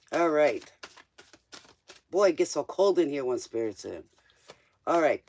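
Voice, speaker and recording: A man's voice: a little high, darkish tone, slight background noise. A man doing a live-stream tarot reading, casual and joking, talking straight to the viewer in loose, slangy speech. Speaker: tarot reader.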